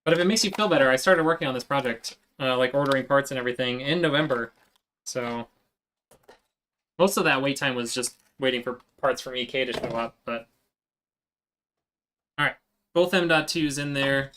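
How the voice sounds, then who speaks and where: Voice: mid-range voice, normal speed, pauses often, a bit bright, a little hiss or hum. A live streamer chatting casually with viewers while working, answering chat as they go.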